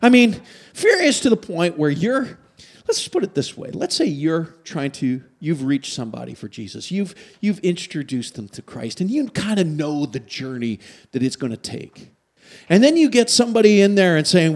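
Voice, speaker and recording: A man from Canada delivers a sermon in a high voice. His pitch rises and falls widely as he tells stories with animation. He keeps turning to his listeners with direct questions. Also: moderate pace. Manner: animated storytelling, asks the audience questions. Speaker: pastor.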